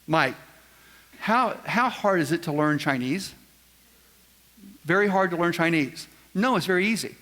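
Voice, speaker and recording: Man at a live seminar, fairly high-pitched, quizzes the crowd with folksy jokes, long reverb of a big room. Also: expressive, unhurried, long pauses, pushed and bright. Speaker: seminar speaker. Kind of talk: live seminar talk to an audience. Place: large event room with audience.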